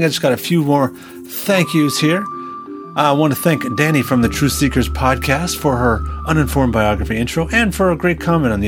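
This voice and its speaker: A man hosting his podcast in a chatty, rambling, joking way. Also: mid-range voice. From Canada. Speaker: podcast host. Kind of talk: casual podcast chat.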